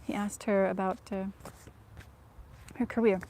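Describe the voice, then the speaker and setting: A woman vlogger chatting casually to viewers, soft-spoken and often dropping to a whisper, self-deprecating. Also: medium pitch, steady tone, measured pace.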